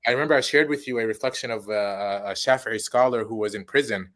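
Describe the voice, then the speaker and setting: A man's voice: mid-range voice, fast, fairly bright tone. A man hosting a conversation, sharing thoughtful reflections with some hesitation. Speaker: host.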